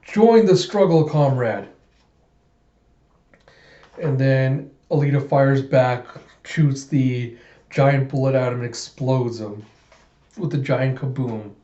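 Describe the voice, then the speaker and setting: Brief: man, casual comic readthrough, mellow voice, roomy slightly muffled recording. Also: medium pitch, slow. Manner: casual, excitable, laughs often. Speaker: comic reader.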